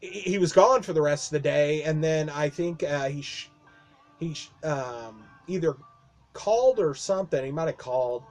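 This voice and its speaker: Faint music plays behind this Midwestern vlogger, whose fairly high, slightly mellow voice moves at a normal speed. Talking to his camera, he meanders through a long personal anecdote, full of fillers, false starts and little laughs.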